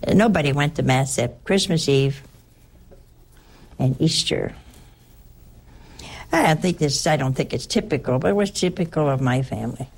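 A woman's voice: sits low, expressive, normal speed, gravelly, long pauses, a little mellow. An older woman, a nun, telling a personal story in a rambling, conversational way. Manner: rambling, conversational, with frequent restarts.

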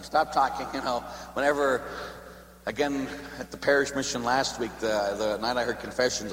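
A man's voice: mid-range voice, roomy sound, in a large hall, a little hiss or hum. A man preaching a homily as a Catholic priest in a church, telling long humorous stories in a conversational way. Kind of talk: sermon.

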